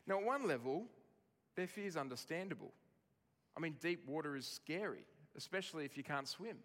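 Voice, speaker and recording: A man preaching a sermon, expressive, dropping soft on tender lines and rising for emphasis. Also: a little high, a little fast, big-room sound. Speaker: pastor.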